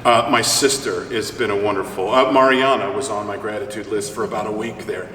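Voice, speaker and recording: Recorded from afar in a spacious church hall with slight hiss, a middle-aged male opera singer jokes and wanders through lively anecdotes during a relaxed interview. His voice leans low and his pace is a little fast.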